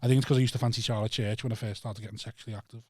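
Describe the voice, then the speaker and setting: Fast-talking Scouse man, bantering. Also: medium pitch, fairly even intonation, slightly rough, no room sound, studio quality. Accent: Liverpool. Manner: rapid, bantering. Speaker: podcast host. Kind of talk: casual chat.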